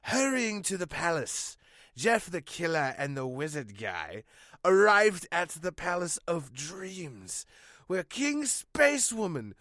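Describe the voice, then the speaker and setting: A man telling an absurd comic story with a bright, high voice. He draws his words out slowly in a deadpan, mock-dramatic manner. His pitch swings widely, and the recording is dry and close. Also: no echo. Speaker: channel host and storyteller.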